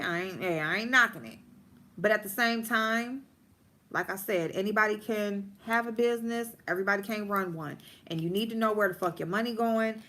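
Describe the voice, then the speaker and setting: A woman telling a story during a livestream, animated and blunt, with plenty of swearing. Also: fairly high pitch. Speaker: livestream host. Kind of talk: casual storytime rant.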